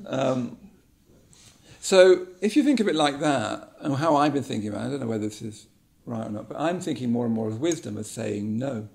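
A man giving a reflective talk, musing aloud, repeating words and pausing with ums. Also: mid-range voice, gravelly, a little mellow.

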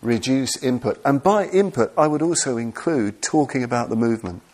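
A man's voice: medium pitch, animated, moderate pace, a little mellow. A man giving an earnest, self-deprecating Buddhist dharma talk, full of restarts and repetitions. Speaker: Buddhist teacher.

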